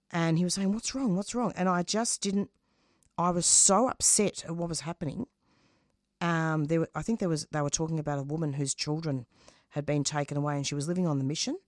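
A woman's voice: lowish voice, no echo, studio quality. A middle-aged woman, a radio host, speaking passionately as an interview guest, often breaking off and restarting her sentences. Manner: passionate, halting, with frequent restarts. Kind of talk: conversational interview.

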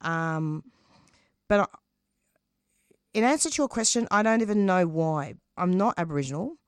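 A middle-aged woman talks as an interview guest with a low voice and a lot of feeling. She stops and restarts her sentences as she speaks. Her voice sounds dry and close, with no room sound. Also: animated, smooth, no room sound. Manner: passionate, halting, with frequent restarts. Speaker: radio show host as interview guest. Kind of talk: conversational interview.

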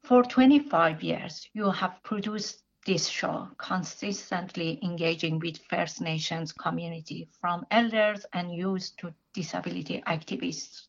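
A woman conducts a radio interview and asks her questions in a measured way. Her voice sits fairly low, and the recording sounds dull and lo-fi. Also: steady tone, creaky.

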